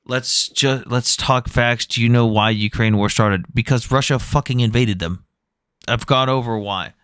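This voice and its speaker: A man's voice: mid-range voice, steady tone, moderate pace, a bit bright, clean tone, no echo, studio quality. A man hosting a live debate stream, arguing bluntly, citing numbers and swearing freely. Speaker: debate livestream host.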